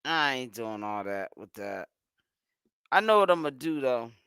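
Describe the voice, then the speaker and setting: Rumbling low but very animated, the vlogger speaks a little slowly in a fairly bright, clear, resonant voice. Tired and yawning from fasting, she keeps up her sassy gossip chat full of "honey" and "child" asides, recorded at studio quality with no echo.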